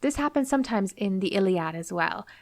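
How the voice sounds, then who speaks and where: A woman hosting a podcast, retelling a classic story in a casual, lively way and slipping into playful voices for the characters. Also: mid-range voice, a little fast, gravelly, no room sound, studio quality. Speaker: podcast host.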